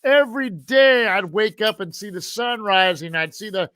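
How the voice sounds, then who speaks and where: A man's voice: sits high, expressive, normal speed, a loud crowd. A man co-hosting a casual chat, eagerly agreeing and asking questions, swearing casually. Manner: eager, frequent affirmations, swears. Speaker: co-host.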